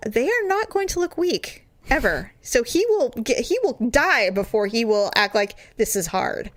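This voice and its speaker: A woman's voice: a little high, sing-song, moderate pace. A middle-aged woman co-hosting a podcast, telling a story animatedly with quoted asides and laughter. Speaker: podcast co-host. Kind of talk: casual chat.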